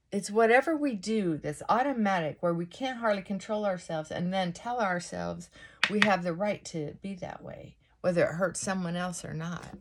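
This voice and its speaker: A woman hosting a casual get-ready-with-me vlog, reflecting out loud and often asking rhetorical questions. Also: lowish voice, slight background noise. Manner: musing, asks many rhetorical questions; thinking aloud with frequent restarts and asides. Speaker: vlog host. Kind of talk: casual reflective monologue while getting ready.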